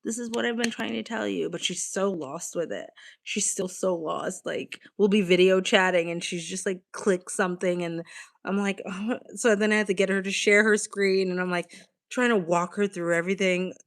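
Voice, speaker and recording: A woman's voice: fairly low pitch, steady tone, moderate pace. Young woman, casual livestream chat, swears freely, at home. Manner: chatty, swears freely, reads chat aloud. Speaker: live streamer. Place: home, evening.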